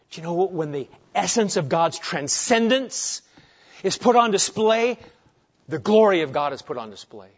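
A man preaching with a high-pitched voice, jumping from loud emphatic lines to near-whispered asides. He keeps asking the congregation rhetorical questions. The recording sounds dull and lo-fi. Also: breathy edge. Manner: dramatic, swings between loud emphasis and hushed asides. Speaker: pastor. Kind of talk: sermon.

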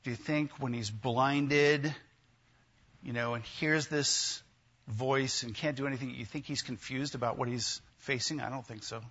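A man's voice: mid-range voice, fairly even intonation, measured pace, a bit bright, slightly rough, muffled recording. A man preaching a sermon in a conversational way, often asking his listeners questions. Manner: conversational, asks the congregation questions. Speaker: pastor.

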